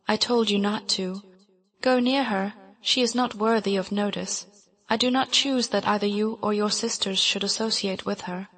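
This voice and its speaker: A woman's voice: mid-range voice, steady tone, moderate pace, natural voice, rough recording. A woman reading the lines of a stern, cold middle-aged aunt in an audiobook, in a dismissive manner.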